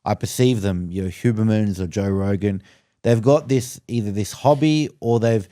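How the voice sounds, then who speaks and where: A man with a low, mellow voice talking casually and thoughtfully as a guest on a podcast. He speeds up when he recounts what people might say to him. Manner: casual, thoughtful, quick when telling a story. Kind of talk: casual conversation.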